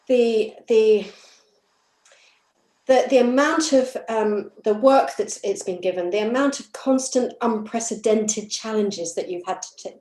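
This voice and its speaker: A British woman chairing a panel, asking long, halting, searching questions. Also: fairly high pitch, a little mellow. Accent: British English. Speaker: session chair. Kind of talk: panel moderation. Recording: roomy echo.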